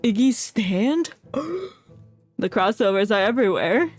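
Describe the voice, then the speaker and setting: Woman streamer, casual game chat, giggly, self-deprecating, slow, faint music behind. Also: on the high side, lively intonation.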